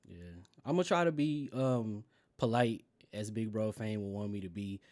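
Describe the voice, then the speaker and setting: A man's voice: on the low side, steady tone, moderate pace, darkish tone, no echo. A joking male podcast host on a dry mic. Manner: joking, laughs often. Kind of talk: casual chat. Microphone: online call.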